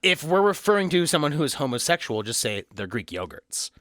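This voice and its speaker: A man's voice: fairly high pitch, big pitch swings, fairly quick, a bit bright, dry recording, clean studio sound. A man in his thirties co-hosting a podcast, teasing and crude in casual banter. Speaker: podcast co-host.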